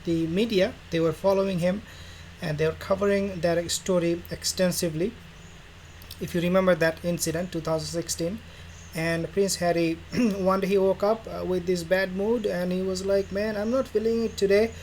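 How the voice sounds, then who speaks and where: Delivered in a level, darkish mid-range voice at a moderate pace, this casual commentary vlog on royal news is full of sarcastic rambling and imagined dialogues played out aloud. Faint noise sits behind a rough recording.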